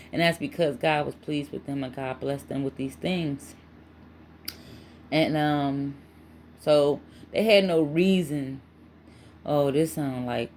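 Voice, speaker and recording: Low gravelly-voiced chatty woman. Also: a little mellow, slight background noise. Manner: chatty, emphatic, talks in repeated asides. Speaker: tarot reader. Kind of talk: casual spiritual reading monologue.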